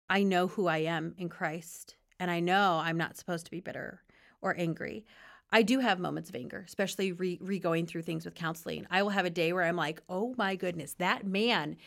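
A woman's voice: on the low side, normal speed, vocal fry, fairly bright tone. A woman guest on a faith talk show telling her personal testimony in an earnest, conversational way, often laughing and acting out quoted dialogue.

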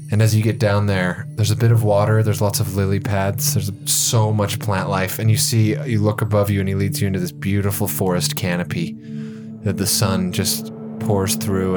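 Low-voiced man narrating a tabletop game. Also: a little mellow. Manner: descriptive, with frequent fillers and restarts. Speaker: game master.

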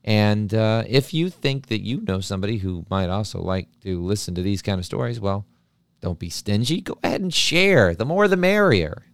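A man co-hosting a radio show, speaking in a relaxed, friendly way. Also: lowish voice, moderate pace, no echo. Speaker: co-host.

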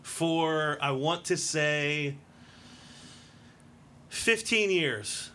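A male podcast host chatting loosely about wrestling, laughing often between points. His voice is bright and a little high. A light hiss sits under the recording. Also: lively intonation, very slow. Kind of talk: casual wrestling podcast chat.

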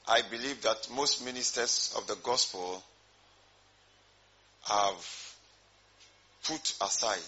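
A man's voice: mid-range voice, pushed and bright, husky. Man, pastor, sermon, repetitive preaching, dull lo-fi sound. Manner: preaching with repetition and questions to the congregation.

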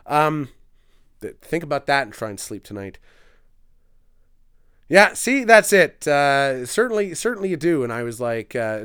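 Young Canadian man, podcast host, riffs on comments with crude jokes; smooth, fairly high voice. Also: very animated, unhurried, long pauses, fairly bright tone. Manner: joking, crude, self-mocking banter. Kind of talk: casual live-stream chat reading comments.

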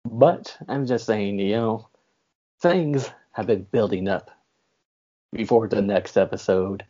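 Low, mellow-voiced podcast host man. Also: slow pace, lo-fi sound. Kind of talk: casual chat.

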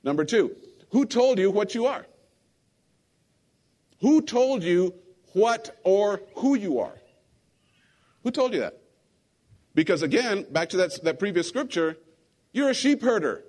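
A man preaching with a fairly high voice, retelling a story in an animated way and acting out the lines. He keeps stopping to ask his congregation whether they are still with him. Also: a little slow, pauses often. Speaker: pastor. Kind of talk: sermon.

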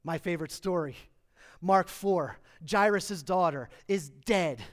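A man delivers a sermon in a fairly high voice, with animated storytelling. He acts out the quotes in the stories, swinging from loud, bright bursts down to hushed, slow lines. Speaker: pastor.

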